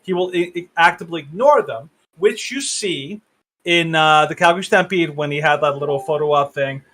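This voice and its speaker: A man co-hosting a podcast over a video call, talking politics in a halting, opinionated way. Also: fairly high pitch, bright, forceful tone. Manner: halting, many fillers and restarts, opinionated. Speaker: podcast co-host. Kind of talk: casual political discussion.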